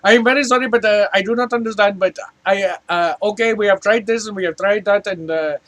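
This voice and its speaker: A man's voice: high voice, fast, a bit bright, no room sound, pitched above the performer's own voice. A man voicing a polite, formal male call-centre agent in a put-on Indian English accent, stiff and apologetic.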